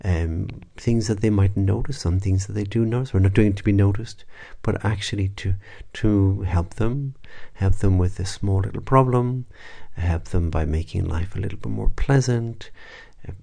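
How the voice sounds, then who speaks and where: A man, a priest, leading a spoken prayer meditation in a reflective, unhurried way, with soft asides and restarts. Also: fairly low pitch, vocal fry.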